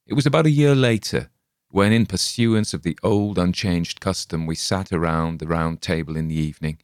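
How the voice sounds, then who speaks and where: Deep-voiced man reading gothic fiction. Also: moderate pace, clean tone, no echo, clean studio sound. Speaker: audiobook narrator. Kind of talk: scripted narration.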